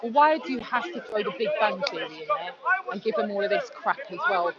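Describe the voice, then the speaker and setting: A woman in her forties from Scotland, arguing her case in a lively, mocking, conversational way at an outdoor speakers' gathering. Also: mid-range voice, quick pace. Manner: animated, conversational, mocking asides. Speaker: street speaker. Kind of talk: outdoor debate chat. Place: outdoors in a busy public park. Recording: dull sound, loud crowd around. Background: loud crowd chatter.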